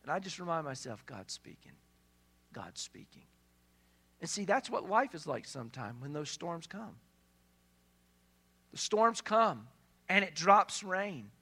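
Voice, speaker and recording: A man preaching a sermon, emphatic, swinging between hushed passages and loud, stressed lines. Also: high-pitched, big pitch swings, a little slow, pauses often, breathy edge. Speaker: pastor.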